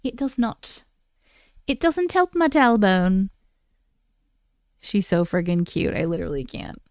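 A woman's voice: medium pitch, very animated, unhurried, no echo, clean studio sound. A woman hosting a casual live stream from home, chatty, gushing and affectionate as she talks with viewers. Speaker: live-stream host reading viewer stories. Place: at home with her cats.

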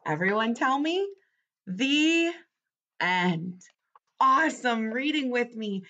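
A woman's voice: a little high, animated, slow, sharp tone, muffled recording. A woman teacher reading a picture book aloud to children, talking to them directly in a friendly way.

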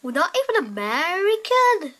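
A woman's voice: very high voice, big pitch swings, moderate pace, fairly bright tone, rough recording. A woman chatting casually while playing a game, giggly and teasing, rambling on. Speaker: gamer.

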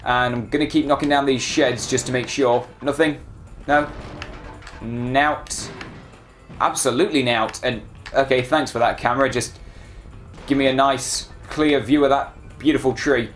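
A man giving casual, excitable commentary while playing a video game and talking back to it. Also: medium pitch, unhurried, soft background music. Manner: chatty, excitable, self-deprecating, talks to the game. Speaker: let's play gamer.

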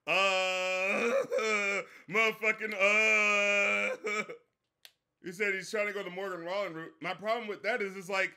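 A young man giving a casual, profane livestream rant as a music critic, slangy and animated, mocking people in quoted voices. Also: high-pitched. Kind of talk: casual ranting commentary from a livestream.

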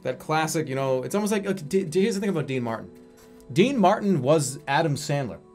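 Male streamer in his thirties, lively rambling chat with swearing, fairly high voice, faint music behind. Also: fairly quick. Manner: rambling, animated, swears freely. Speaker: livestreamer. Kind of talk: casual chat.

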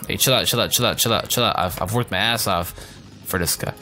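A young man giving casual, profane commentary over his gameplay, joking, rambling and reacting loudly to what happens on screen. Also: fairly low pitch, fast talker. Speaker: let's play gamer. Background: faint game music.

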